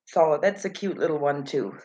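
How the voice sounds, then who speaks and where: A woman's voice: deep voice, normal speed, a little mellow, highs cut off. A woman hosting a casual livestream, rambling and laughing as she answers chat messages from her viewers. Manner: giggly, rambling, self-mocking. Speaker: livestream host.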